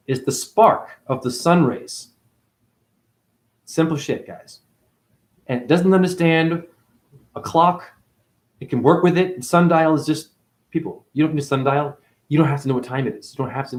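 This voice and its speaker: A man with a slightly high voice delivers a spiritual monologue as a teacher, preachy and profane, hurling rhetorical question after rhetorical question.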